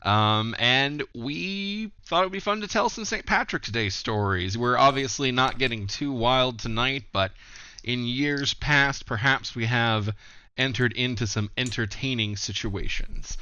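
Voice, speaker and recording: A man's voice: medium pitch, unhurried, clean tone, dry recording. A man hosting a podcast, introducing guests and chatting casually and with laughter. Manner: laughing, relaxed rambling. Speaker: podcast host. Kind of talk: casual group chat. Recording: dull lo-fi sound.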